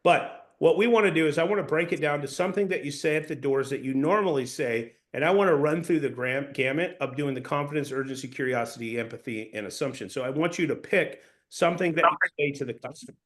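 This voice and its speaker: Running a practice session, a sales trainer explains things in a hands-on, instructive way, frequently restarting and repeating phrases. His voice is slightly high and fairly bright, and he talks quickly with few pauses.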